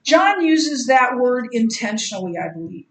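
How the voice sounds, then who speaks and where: A middle-aged woman teaching a Bible study lecture, halting often with ums and restarts. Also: a little high, big pitch swings, reverberant, rough recording. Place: church classroom.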